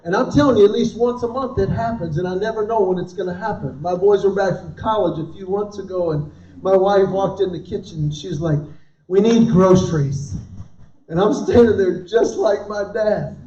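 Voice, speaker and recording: A man's voice: high-pitched, a little fast. A man in his fifties doing stand-up comedy at a church event, telling stories and acting out the people in them. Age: 50s. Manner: animated storytelling, acting out quoted dialogue. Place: large hall before a live audience. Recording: roomy, distant, dull hall recording.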